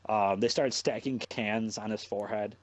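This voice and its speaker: A man's voice: fairly low pitch, normal speed, dry recording. A young man hosting a podcast, telling a long story in casual chat, swearing constantly and rambling as he goes. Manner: swears a lot, rambling and animated. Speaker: podcast host.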